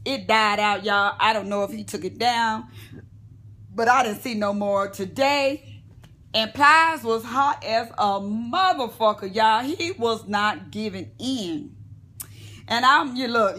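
Lying in bed at home, a woman vlogger gossips about celebrities in a chatty, profane rant aimed straight at her viewers. Her voice is a little high and fairly bright, and she takes it slowly.

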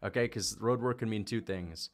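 At a moderate pace and in a lowish voice, a young streamer reacts to fights, swearing freely, chatting casually, erupting in excitement and reading viewer donations aloud.

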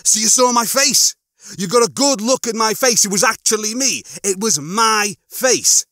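A man voicing Lister, a panicky young male spacefarer of twenty-five, with shrill, exasperated outbursts. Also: big pitch swings, a little slow, pushed and bright, dry recording, studio quality, exaggerated voice. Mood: frantic.

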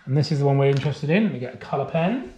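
A man teaching a phonics lesson to young children, drawing out letter sounds slowly and clearly. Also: background noise. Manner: slow, drawn-out sounds with lively, sing-song pitch. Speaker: nursery teacher. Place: classroom or home, recorded for remote learning.

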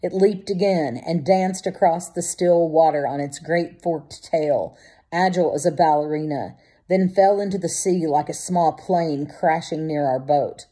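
A woman narrating a novel as an audiobook in a measured, vivid storytelling manner. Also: low voice, mellow, slightly rough. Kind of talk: scripted narration.

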